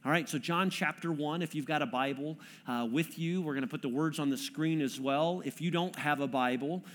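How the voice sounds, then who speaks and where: A man's voice: a little high, fairly quick, fairly bright tone. Earnest, conversational male pastor preaching. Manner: conversational, earnest teaching with audience prompts. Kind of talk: sermon. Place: church room with audience.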